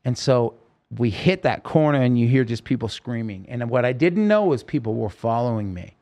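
A man's voice: mid-range voice, animated, normal speed, darkish tone. A man, a podcast guest, urgently recounting a personal story in vivid, present-tense detail.

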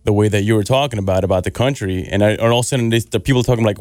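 A man's voice: fairly low pitch, rapid-fire, darkish tone, dry recording, studio quality. A man co-hosting a casual comedy podcast, laid-back, laughing often and swearing casually. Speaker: podcast co-host.

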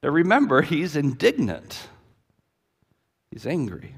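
A male pastor preaching a sermon and retelling a scene with vivid, animated storytelling. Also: mid-range voice, takes it slowly. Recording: echoey hall with long reverb.

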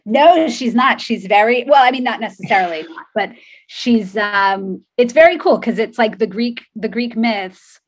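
A woman's voice: fairly high pitch, expressive, measured pace. A woman co-hosting a podcast in casual political chat, rambling with many fillers. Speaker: podcast co-host.

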